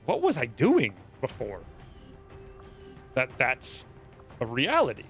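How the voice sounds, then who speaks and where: A man streams a strategy game, chatting casually in a rambling, distracted way and drifting into storytelling asides. His medium-pitched, fairly bright voice swings hugely in pitch as he takes things slowly, with soft music in the background.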